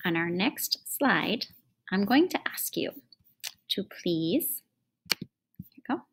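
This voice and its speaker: Woman music teacher, patient and encouraging, online lesson for kids, computer mic, mid pitch. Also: sing-song, husky. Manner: patient, encouraging, slows right down for chanted lines. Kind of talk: online classroom lesson for children.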